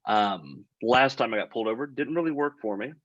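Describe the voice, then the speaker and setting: Young guy from texas spinning a deadpan story, kinda husky and low, dry dull sound. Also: fairly quick, dry recording. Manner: deadpan comic storytelling, acts out his own quotes. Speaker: podcast guest. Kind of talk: casual storytelling.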